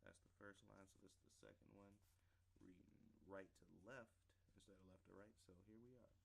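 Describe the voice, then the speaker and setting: A man casually working through a textbook lesson on camera, reading passages aloud and slowly sounding out syllables, rambling between them. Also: lowish voice, steady tone, gravelly, fairly bright tone, slight background noise, poor audio. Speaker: self-taught learner presenting a lesson. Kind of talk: casual vlog-style lesson.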